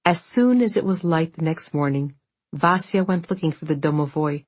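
A woman narrating an audiobook in a measured, steady storytelling manner. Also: deep voice, slightly rough, dry recording.

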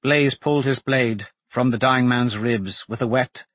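A man narrating an audiobook in a measured, dramatic storytelling manner. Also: medium pitch, fairly bright tone, no room sound.

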